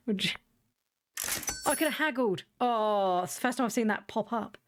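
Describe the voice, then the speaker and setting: A woman's voice: fairly high pitch, expressive, slight background noise. Chatty woman streaming a game. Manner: chatty, rambling, quick to laugh. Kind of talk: casual gameplay commentary.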